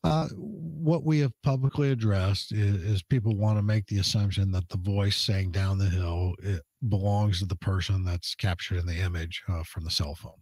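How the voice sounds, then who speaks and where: A middle-aged police spokesman with a fairly low voice talks as a guest on a radio show. He explains things earnestly and patiently, with plenty of "uh" fillers between thoughts. The sound is close and dry. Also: steady tone, moderate pace, few pauses, darkish tone, no echo. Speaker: police public information officer.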